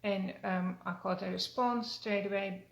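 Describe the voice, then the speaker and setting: Older woman wellness coach, gravelly even voice, earnest and gentle, roomy echo. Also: medium pitch, a little slow. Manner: gentle, earnest, with frequent fillers and restarts. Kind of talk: spoken self-help talk.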